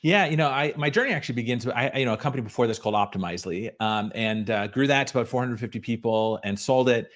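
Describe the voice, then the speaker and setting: A man's voice: medium pitch, fairly bright tone. A man interviewed as a company founder over a video call, fluent and explanatory. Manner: fluent, explanatory, fast storytelling.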